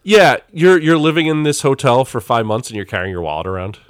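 A man with a mid-range voice whose pitch moves a lot, making dry, picky remarks on a podcast. His voice is recorded close, with no room echo. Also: big pitch swings, fairly quick, clean tone. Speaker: podcast co-host. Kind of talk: casual chat.

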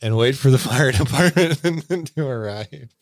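A man's voice: medium pitch, lively intonation, measured pace, no echo, clean studio sound. A man co-hosting a podcast, telling a long casual story with many fillers and laughs. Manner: rambling, laughing anecdote full of fillers. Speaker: podcast co-host.

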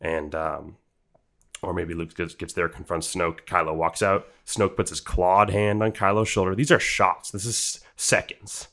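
A man with a very deep, low voice talks a film over with friends on a podcast. He is analytical and loose, piling on fillers and restarts as he builds his argument. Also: little pitch movement, measured pace, a bit bright. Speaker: podcast co-host. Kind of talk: casual film discussion.

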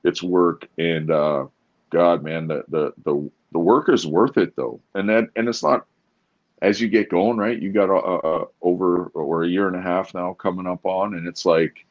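A man with a very low voice speaks candidly in an interview, earnest and halting, stumbling and restarting as he searches for words. The sound is a little muffled and lo-fi. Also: steady tone. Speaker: podcast guest.

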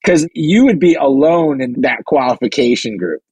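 A man's voice: medium pitch, expressive, normal speed, a little mellow, husky, dry recording. A man co-hosting a podcast in casual chat, teasing and wry, often stopping to restart his sentences. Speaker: podcast co-host, musician.

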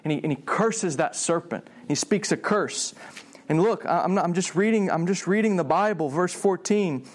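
A man preaching a sermon, animated, often restarting his phrases and acting out voices in the story. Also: moderate pace. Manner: animated, acts out God's voice with rising pitch; frequent restarts and repeated words.

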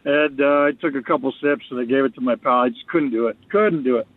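A man's voice: mid-range voice, fast, no echo. Man on a tinny phone line. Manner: candid, repeats words while restarting. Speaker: radio host appearing as guest analyst. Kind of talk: casual sports radio chat.

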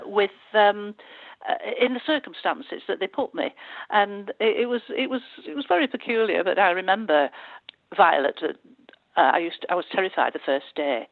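An older woman, a former actress, reminisces in an interview with halting, amused speech full of restarts. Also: medium pitch, lively intonation, dry recording. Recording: tinny, dry phone-like line.

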